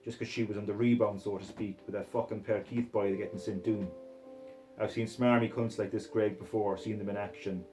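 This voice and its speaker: A man's voice: on the low side, steady tone, a little fast, warm tone, faint music behind, low-quality recording. A man reading a crude novel aloud in a put-on Scottish accent, in a profane, aggressive first-person voice. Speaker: reader.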